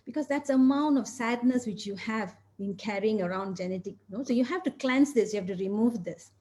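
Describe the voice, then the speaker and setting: A woman's voice: a little high, fast, few pauses, mellow. A woman physician and coach answering interview questions, explaining in an earnest, step-by-step way.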